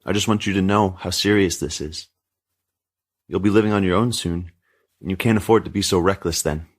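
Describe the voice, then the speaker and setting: A man's voice: sits low, fairly quick. A man voicing a stern, fearful mother who lectures her teenage daughter, read as a storybook scene. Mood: lecturing. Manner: lecturing, controlling. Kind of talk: storybook reading.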